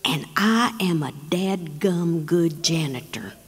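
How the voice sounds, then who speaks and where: A woman voicing a gentle, proud janitor father with a baritone voice, in a live storytelling show. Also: slow pace, breathy edge, heavily acted. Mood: reassuring. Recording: long reverb of a performance hall.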